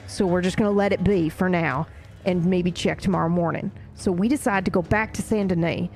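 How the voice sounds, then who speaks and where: A woman's voice: lowish voice, steady tone, brisk, a little mellow, faint music behind. A woman recapping events in character during a roleplay session, rambling and swearing casually as she tells the story.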